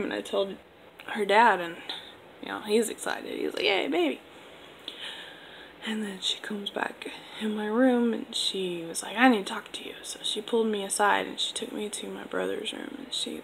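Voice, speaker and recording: Young woman vlogger, mid-pitched and gravelly with fry, casual rambling storytime delivery. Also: fairly bright tone, slight background noise, poor audio. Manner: rambling, filler-heavy, laid-back.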